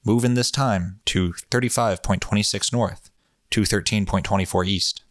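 A man voicing a calm male session monitor, giving slow, measured, repeated directions in a hypnotic manner. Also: fairly low pitch, no room sound, studio quality, natural voice.

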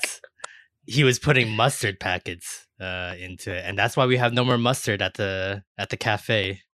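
A male podcast host with a lowish, forceful voice. He talks in loose, casual chat, tripping over repeated words and swearing freely. The sound is close and dry. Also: normal speed, no room sound.

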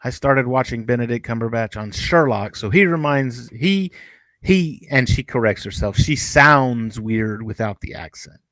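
A man's voice: mid-range voice, lively intonation, fairly bright tone, no echo. A man co-hosting a fan review podcast in casual chat, often stumbling over his words and restarting sentences. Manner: halting, many restarts and fillers. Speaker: podcast co-host.

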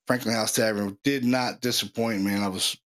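A man's voice: on the low side, steady tone, normal speed, a bit bright. Laid-back man hosting a podcast. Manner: laid-back, slangy storytelling. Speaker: podcast host. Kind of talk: casual chat.

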